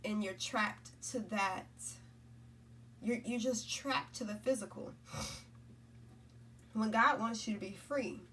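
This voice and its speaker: A woman's voice: fairly high pitch, slow, long pauses, bright, forceful tone, far from the mic, a little hiss or hum. A woman giving a casual spiritual talk, rambling and repeating herself, often checking in with "right?" and "you know?". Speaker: spiritual content creator.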